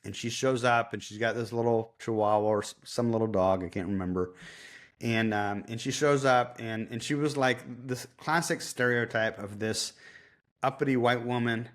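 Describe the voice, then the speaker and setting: A male podcast guest telling stories in a loose, rambling way. He swears freely and keeps restarting his sentences. His voice sits at a middle pitch. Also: normal speed. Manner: loose, profane, self-interrupting. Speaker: dog trainer, podcast guest. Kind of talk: casual storytelling.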